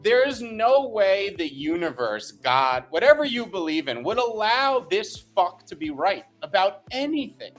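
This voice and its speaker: A man co-hosting a podcast who talks in an animated, opinionated, emphatic way. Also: high voice, a little slow, hardly any pauses, soft background music. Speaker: co-host. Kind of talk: casual podcast chat.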